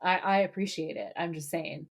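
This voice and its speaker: A woman's voice: low voice, moderate pace, creaky. A woman co-hosting a podcast, chatting casually and animatedly while recapping a TV episode, swearing now and then. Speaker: podcast co-host.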